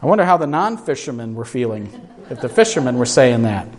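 A man's voice: mid-range voice, very animated, fairly quick, slight background noise. A man preaching a sermon, putting questions to his congregation and acting out the voices in the story as he goes. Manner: asks the congregation questions, acts out quoted voices; shifts between hushed and raised delivery. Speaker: pastor.

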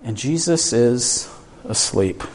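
A pastor with a mid-range, animated voice preaches slowly, posing questions to his congregation and acting out the voices in the story. His delivery moves between hushed and raised.

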